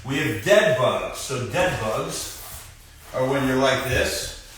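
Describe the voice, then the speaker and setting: Recorded from a distance with slight background noise, a young man's medium, slightly bright voice moves slowly and animatedly. As a physical therapist on a live stream, he talks viewers through core exercises in a relaxed demo. The room echoes heavily, and his voice sometimes falls off-mic.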